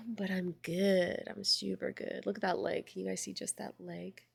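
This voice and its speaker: A woman's voice: mid-range voice, animated, unhurried, gravelly, darkish tone, slightly rough, dry recording, studio quality. A young woman streamer chatting casually and reading chat aloud, bubbly and swearing freely.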